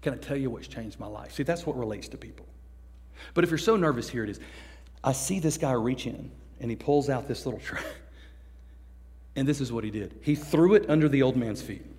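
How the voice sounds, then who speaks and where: A man preaching a story-driven sermon as a youth pastor, acting out voices and swinging from hushed to loud. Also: medium pitch, brisk. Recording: long echo of a large hall.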